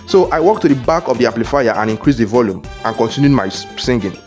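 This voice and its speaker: Nigerian man, comedy skit narration, lively pitch, quick delivery, faint music. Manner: animated, playful, dramatic. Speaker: comedic storyteller.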